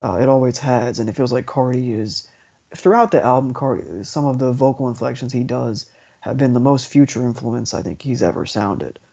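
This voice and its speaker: A man's voice: mid-range voice, normal speed, creaky, mellow. A man hosting a podcast, talking through an album in a casual, rambling way with lots of restarts. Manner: rambling, restarts often, enthusiastic. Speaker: podcast host. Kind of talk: casual music discussion. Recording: dull lo-fi podcast audio.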